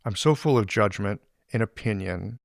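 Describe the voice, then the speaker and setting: A man hosting a podcast interview, speaking in a halting, reflective way. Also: lowish voice, vocal fry, no echo, clean studio sound. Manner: halting, many fillers and restarts, reflective. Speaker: podcast host.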